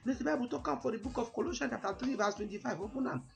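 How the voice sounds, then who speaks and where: A man's voice: very high-pitched, rapid-fire, creaky, music in the background. A man with a Warri Nigerian Pidgin accent delivers a comic pidgin sermon. He is emphatic and acts out his anecdotes. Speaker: comic preacher.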